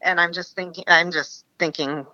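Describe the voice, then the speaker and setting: A woman's voice: lowish voice, fairly even intonation, normal speed, bright, forceful tone, no echo, dull audio. A woman from Alaska, a podcast guest, frankly telling a personal story in an interview and laughing through hard memories.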